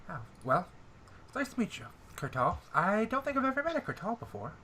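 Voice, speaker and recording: A man's voice: sits high, very animated, a little fast, sharp tone, slight background noise, pitched above the performer's own voice, exaggerated voice. Man doing a nasal, perky young woman. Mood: chirpy.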